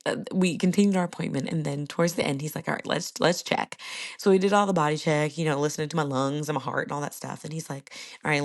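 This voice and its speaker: A woman's voice: lowish voice, creaky. A young woman hosting a casual solo podcast, chatting to listeners and laughing often. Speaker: podcast host.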